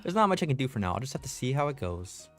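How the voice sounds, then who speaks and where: A man's voice: mid-range voice, sing-song, very fast, fairly bright tone, soft background music. A man streaming a game, chatting in a laid-back, slangy way as he plays. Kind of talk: casual gameplay commentary.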